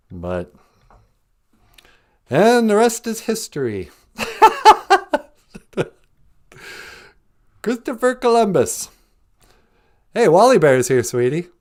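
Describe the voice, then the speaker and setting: Older male podcast host, lively pitch, slow sarcastic delivery, frequent laughs. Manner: joking, laughs often, sarcastic asides. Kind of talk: comedic casual chat.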